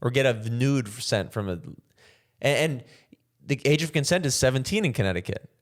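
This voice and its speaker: A man in his own podcast, riffing on a bit and breaking into quick character voices. His pitch sits in a plain middle range for a man, and he talks in a loose, joking way. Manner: animated, jokey, acts out bits in other voices. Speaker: comedian podcast host. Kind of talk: casual comedic riffing. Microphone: camera mic without a boom arm.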